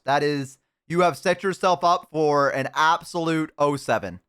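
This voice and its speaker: A man's voice: a little high, unhurried, fairly bright tone, clean tone. A man streaming, chatting casually with his viewers while eating, rambling with lots of fillers and restarts. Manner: rambling, self-deprecating, many fillers and restarts.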